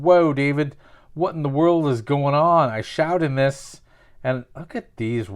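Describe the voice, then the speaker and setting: Male collector, mid pitch, rambling and self-mocking, casual commentary. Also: clean tone. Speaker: sports card collector opening packs. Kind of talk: casual pack-opening commentary with absurd storytelling.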